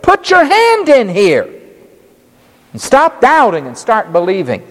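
A man's voice: very high-pitched, wildly swooping pitch, unhurried, long reverb tail, pitched above the performer's own voice, full character voice. A man voicing a coaxing, eager risen teacher. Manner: coaxing, insistent.

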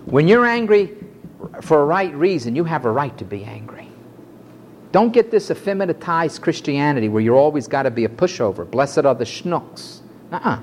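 A man preaching a fiery sermon to a congregation, swinging from loud outbursts to low, quiet asides. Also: slight background noise. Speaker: pastor.

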